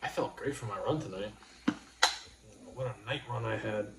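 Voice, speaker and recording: A man's voice: lowish voice, gravelly. Rambling man in a roomy room. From New York. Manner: rambling, halting, full of restarts. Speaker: livestream host. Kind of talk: casual livestream chat. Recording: roomy room with faint noise.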